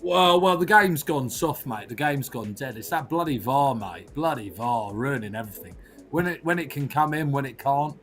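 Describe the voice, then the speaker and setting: A brash Australian football manager rants in a broad accent, peppering every line with "mate" and mild swearing, as a man puts him on for a comedy podcast. The voice sits at an ordinary middle pitch. The tone is blunt and cheeky. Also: expressive, moderate pace, fairly bright tone, soft background music, close to an everyday voice. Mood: grumbling. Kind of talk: comedic impression in podcast chat.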